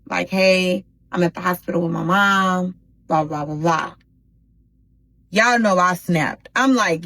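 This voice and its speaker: Animated low-voiced woman telling a story. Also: no room sound, rough recording. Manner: animated, talks straight to viewers with slang. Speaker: storytime host. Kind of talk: casual storytime vlog.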